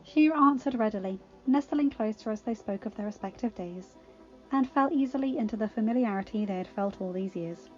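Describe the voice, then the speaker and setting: A woman reading a fan fiction story aloud as a narrator, expressive and steady. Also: a little high, a little fast, muffled recording, soft background music. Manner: expressive, voices the characters. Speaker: audiobook reader.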